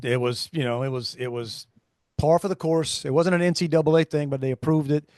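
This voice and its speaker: Man, South Louisiana accent, podcast co-host, high voice, animated storyteller. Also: a little fast, no echo, studio quality. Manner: storytelling, animated, many restarts. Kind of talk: casual chat.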